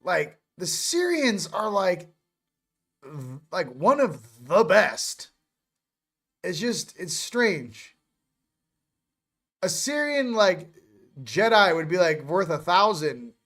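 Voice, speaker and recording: A man's voice: sits high, very animated, slow, pauses often, fairly bright tone. A man hosting a casual morning chat, joking and rambling as he goes. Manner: joking, rambling, self-interrupting. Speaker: host.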